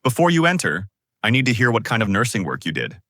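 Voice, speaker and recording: A man's voice: lowish voice, huge pitch swings, fast talker, a bit bright, no room sound, clean studio sound. Saint Peter, voiced by a man. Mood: formal. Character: Saint Peter, calm male gatekeeper of heaven.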